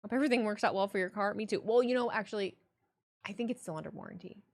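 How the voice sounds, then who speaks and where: A young adult woman streaming live, reading chat and talking in a blunt, profane, animated way. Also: medium pitch, very fast.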